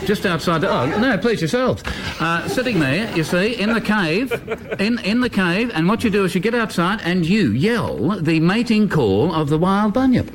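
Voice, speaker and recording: A man telling a long joke on the radio, animated and chuckling as he goes. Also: sits high, normal speed.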